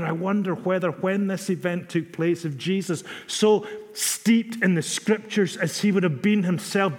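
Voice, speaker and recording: A man preaching a sermon in a measured, emphatic way, repeating phrases for stress. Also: sits high. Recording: long reverb of a hall.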